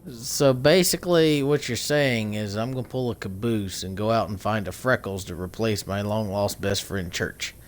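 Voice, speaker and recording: A man's voice: fairly low pitch, moderate pace, few pauses. A young man on a gaming stream, teasing his friend in a mock-indignant way. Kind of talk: casual gaming chat.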